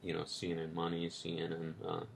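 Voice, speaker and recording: Solo podcast host, male, very low and gravelly, loose and rambling with frequent swearing, faint hiss behind. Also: monotone, fairly quick. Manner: rambling, profane, heated when ranting. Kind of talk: casual solo podcast monologue.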